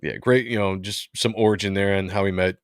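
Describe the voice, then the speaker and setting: A man hosting a casual comic book livestream, chatting in a relaxed way and reading comic lines aloud. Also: low voice, fairly quick, smooth, dry recording, clean studio sound. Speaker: host.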